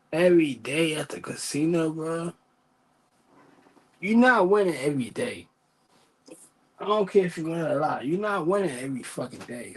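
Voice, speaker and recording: A man's voice: a little high, slightly rough, poor audio. A man telling work stories in a casual, profane, exasperated rant, repeating himself.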